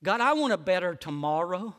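Male preacher, high bright voice, drops to a hush and then surges loud, big hall reverb. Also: sing-song, a little fast. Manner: swings between hushed low lines and loud high preaching. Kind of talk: sermon.

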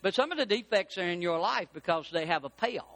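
A man preaching a sermon as pastor, with emphatic repetition that builds toward shouting. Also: high-pitched, animated, brisk.

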